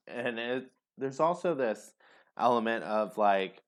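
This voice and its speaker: A man giving a casual tarot reading to camera, chatty and expressive, who gets caught up in his feelings. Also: mid-range voice, slow. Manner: expressive, chatty, gets emotional, many ums. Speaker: tarot reader.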